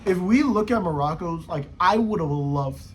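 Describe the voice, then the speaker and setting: Husky, high-voiced guy ranting. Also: expressive, moderate pace. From United States. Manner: rambling, slangy, profane, jumpy pitch swings. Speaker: football vlogger. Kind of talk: casual rant to camera.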